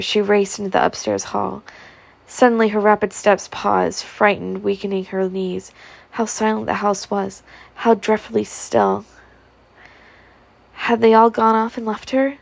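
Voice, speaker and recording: A woman narrates a novel in a gravelly voice, reading at a steady pace with small stumbles and restarts. Her voice is close to the mic in a dry, deadened space. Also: mid-range voice, no echo. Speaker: audiobook reader.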